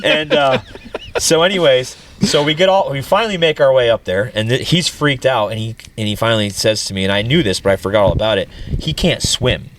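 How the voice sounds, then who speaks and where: A man's voice: medium pitch, expressive, brisk, background noise. A man, telling a story in a casual talk show and laughing as he goes. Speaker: podcast host.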